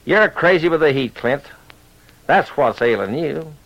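A man voicing a gruff, folksy frontier sheriff with a drawl. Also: fairly high pitch, expressive, measured pace, fairly bright tone. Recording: lo-fi old radio recording.

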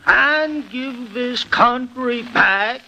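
A slow, quavering old lawyer. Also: male voice, creaky, sharp tone, faint music behind, heavily acted. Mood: pleading. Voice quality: swings between high and low register in a halting rhythm. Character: older attorney pleading passionately with a governor. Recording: dull old radio recording.

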